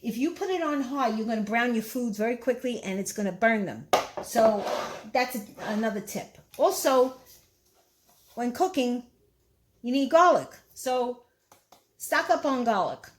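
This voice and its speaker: A woman's voice: on the high side, animated, measured pace, a little hiss or hum, poor audio. A woman with a Brooklyn accent giving a casual, chatty cooking how-to, rambling a little and repeating herself with fillers. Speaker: cooking vlogger.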